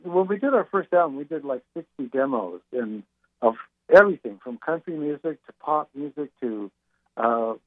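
Over a tinny phone connection, an older musician guest with a medium-pitched, lively voice talks at a normal speed with no room sound. He tells stories in an interview, stumbling through plenty of fillers and restarts.

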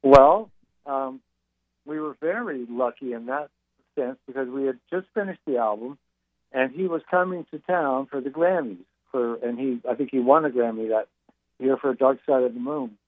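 A man's voice: medium pitch, normal speed, no room sound. An older man, a musician guest in an interview, telling stories with many fillers and restarts. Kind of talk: interview over the phone. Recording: tinny phone line.

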